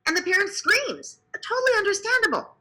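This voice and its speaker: A woman clinical psychologist explaining parenting to listeners in an animated way, asking them to imagine scenes. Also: very high voice, fairly quick, poor audio. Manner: animated, often acts out quoted speech.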